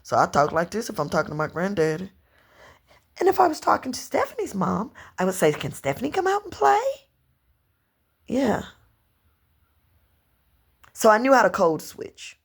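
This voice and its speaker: A woman in her fifties from Louisiana with a Southern accent, telling long personal stories to camera in an unhurried, rambling way. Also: lowish voice. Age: 50s. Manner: unhurried storytelling, drawn-out phrasing, slips into dialect and quoted voices. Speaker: vlogger.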